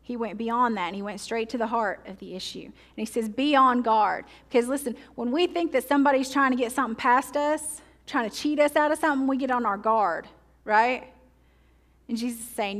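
A woman teaching pastor delivering a sermon, slowing down to read scripture aloud and adding joking asides and rhetorical questions. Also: fairly high pitch. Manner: reads scripture slowly and deliberately.

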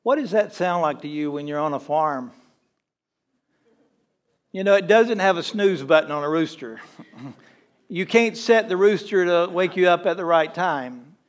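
A man's voice: high-pitched, measured pace, long pauses. A male pastor preaching in a conversational way, joking with the congregation. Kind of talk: sermon.

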